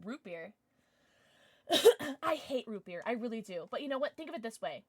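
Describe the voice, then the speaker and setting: A young woman streaming a game, chatting with viewers casually, jumpy and excitable, swearing and shrieking when scared. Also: a little high, normal speed, slightly rough, dry recording. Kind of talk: casual gaming livestream chat.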